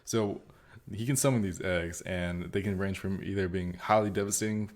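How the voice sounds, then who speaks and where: A young man co-hosting a casual podcast, rambling along and laughing at himself, sometimes trailing off softer. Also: deep voice, steady tone, normal speed. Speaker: podcast co-host. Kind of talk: casual chat.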